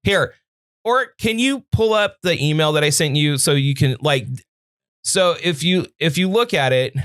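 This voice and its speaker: Casting: young adult male podcast co-host, deadpan storyteller, dry close sound. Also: fairly high pitch, normal speed, clear, resonant tone, no echo. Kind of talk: casual comedic chat.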